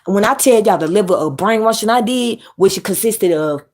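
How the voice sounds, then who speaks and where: A woman delivers a blunt, profane rant. She lectures hard in a steady, mid-range voice, talking straight at her viewers. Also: medium pitch, moderate pace. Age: adult mother. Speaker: commentary YouTuber. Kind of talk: ranting commentary.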